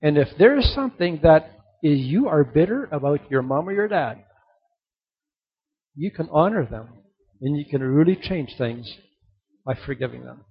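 A middle-aged man giving a motivational sermon to young people, emphatic and repetitive, sometimes dropping to a soft earnest tone. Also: a little high, very animated, moderate pace, long pauses, husky. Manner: emphatic, repeats key points, drops to soft earnest tones. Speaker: youth speaker. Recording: dull lo-fi recording.

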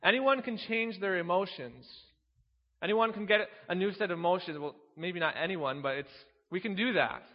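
A man's voice: sits high, normal speed, in a large hall, lo-fi sound. A man preaching a sermon, teaching earnestly, reading scripture aloud and posing rhetorical questions.

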